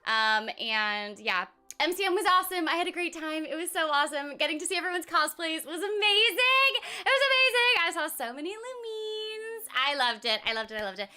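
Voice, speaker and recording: A bubbly woman game streamer chats with her viewers in a very bright, high voice. Her pitch bounces all over the place, and she rambles and restarts between giggles and scatted filler sounds. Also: very animated, fairly quick. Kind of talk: casual live-stream chat with viewers.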